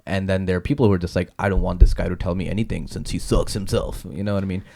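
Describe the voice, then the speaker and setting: A man hosting a casual podcast interview, eager and quick to laugh, asking long, rambling questions. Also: sits low, steady tone, gravelly, warm tone. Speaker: podcast host.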